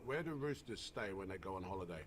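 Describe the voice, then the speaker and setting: Man, teasing deadpan banter, animated swooping voice, noisy background. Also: low-pitched, fast talker. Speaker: actor promoting a film. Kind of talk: playful banter in an interview. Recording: noticeable background noise.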